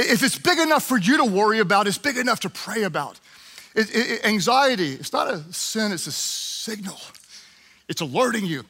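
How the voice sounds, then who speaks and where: High, bright-voiced impassioned male preacher. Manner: impassioned preaching with repeated phrases, swinging from shouts to hushed prayer. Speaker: pastor. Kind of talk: sermon.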